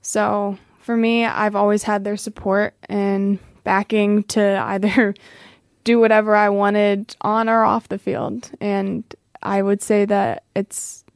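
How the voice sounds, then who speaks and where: A woman's voice: medium pitch, little pitch movement, takes it slowly, gravelly, hardly any pauses, dry recording, studio quality. A young American woman in her twenties, a footballer guest chatting modestly on a podcast and laughing often. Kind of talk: casual podcast interview.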